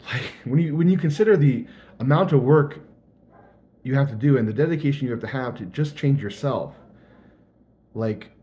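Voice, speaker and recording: A man's voice: mid-range voice, normal speed, pauses often, dark tone. A young man thinking aloud in a casual, earnest vlog monologue.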